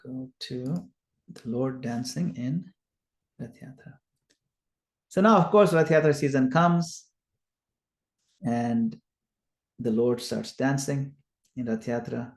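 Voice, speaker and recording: A man teaching a scripture study and retelling the story as an animated storyteller who acts out the quotes. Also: mid-range voice, slow, long pauses. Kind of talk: storytelling lecture. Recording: echoey room.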